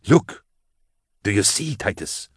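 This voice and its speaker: A man plays a tired inquisitor at the end of his patience, his voice climbing in pleading exasperation. It's a clean, dry audiobook recording, with the character pitched a little higher than the narrator's own low voice. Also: sing-song, slow, breathy edge, dry recording, exaggerated voice. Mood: weary pleading. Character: exasperated male inquisitor, weary old colleague.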